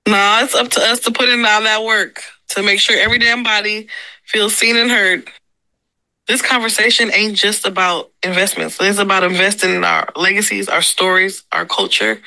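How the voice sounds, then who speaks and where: A woman's voice: mid-range voice, fairly even intonation, moderate pace, sharp tone, dry recording, poor audio. A woman voicing a streetwise AI persona with brash, slangy hype talk. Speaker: AI character played back on the podcast.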